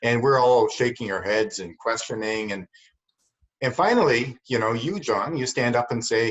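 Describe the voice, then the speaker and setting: A man's voice: medium pitch, moderate pace. A man co-hosting a podcast who tells a story in an earnest, reflective way and often repeats words. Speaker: podcast co-host. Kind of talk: casual chat and storytelling. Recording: dull lo-fi sound.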